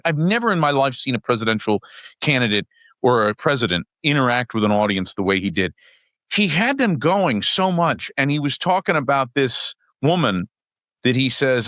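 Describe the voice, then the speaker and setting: Heard first is a middle-aged man from West Virginia spinning a casual podcast anecdote with a crude, lively edge. His pitch leaps and drops as he mimics roaring crowds. The sound is close and dry, with no room around it. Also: no room sound. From West Virginia, USA. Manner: animated storyteller, crude, swings pitch acting out crowds. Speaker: guest.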